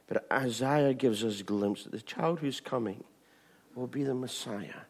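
A man preaching an informal sermon, chatty with repeated asides, swinging from bright emphasis to hushed tones. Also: medium pitch, unhurried. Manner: chatty, with frequent "you know what I mean" and restarts.

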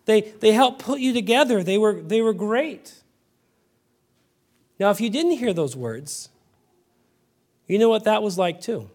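High-voiced pastor preaching with rising fervor. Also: male voice, expressive, a little slow, long pauses. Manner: builds to loud fervent emphasis, with frequent restarts; acts out his daughter's voice in stories. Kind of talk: sermon.

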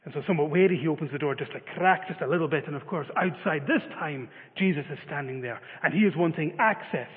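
A man's voice: on the high side, fast talker, few pauses. A man preaching a sermon, telling a story with many filler uhs. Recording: phone-like reverberant sound.

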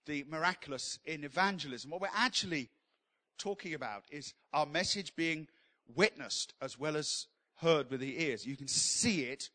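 A man's voice: on the high side, pushed and bright. A man giving an informal, enthusiastic Bible teaching in a church session, talking conversationally with frequent restarts.

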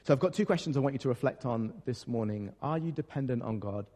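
A pastor preaches in an easy, conversational way, often stumbling over repeated words and making light of himself. His voice sits at a middle pitch. It carries a long reverb from the church around him. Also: expressive, fast talker, warm tone. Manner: conversational, self-deprecating, with many fillers and repeated words. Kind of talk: sermon.

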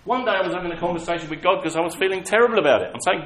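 A man's voice: high voice, very fast, few pauses, a bit bright. A man preaching a sermon, telling personal stories in a conversational, self-mocking way. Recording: echoey hall with faint ambience.

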